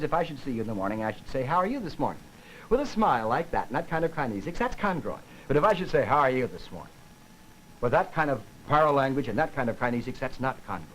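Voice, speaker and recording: A man lectures with animated, sweeping intonation, showing off how his voice rises and falls. His voice sits a little high for a man. Faint hiss of an old broadcast runs underneath. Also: low-quality recording. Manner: lively, demonstrates intonation with his own voice. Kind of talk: televised linguistics lecture.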